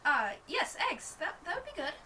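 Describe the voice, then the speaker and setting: A woman's voice: high voice, big pitch swings, normal speed, sharp tone, slight background noise, pitched above the performer's own voice, full character voice, low-quality recording. A woman playing a shy, overly polite young half-orc paladin who hesitates and stammers, in an improvised tabletop game. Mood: flustered. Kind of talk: improvised tabletop role-play.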